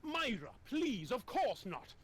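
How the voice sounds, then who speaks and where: A man's voice: extremely high pitch, big pitch swings, slow, fairly bright tone, full character voice. A man with a British accent voicing a haughty, theatrical stage actor in a comedy game.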